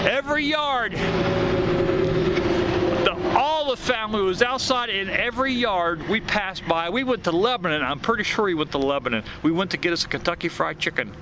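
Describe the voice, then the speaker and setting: In this very noisy recording, a high-voiced channel host in his fifties from southwest Ohio rambles through a casual spoken memoir about a childhood storm. He keeps restarting and repeating words.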